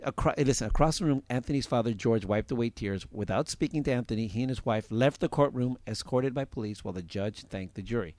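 A man's voice: medium pitch, fast talker, hardly any pauses, a little mellow, no echo. A man co-hosting a casual podcast who rambles, restarts, and reads out listener comments. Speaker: podcast co-host.

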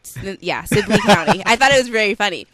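A woman's voice: medium pitch, fast, a little hiss or hum. A woman co-hosting a radio talk show, telling a story with acted-out quotes and laughter. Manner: animated, acts out quotes, laughs.

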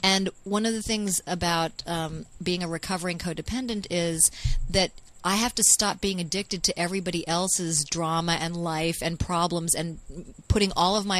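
A woman's voice: fairly low pitch, a bit bright, rough recording. A woman guest in a casual podcast conversation recorded in a garage, talking in an earnest, emphatic way. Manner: earnest, emphatic, quotes others often.

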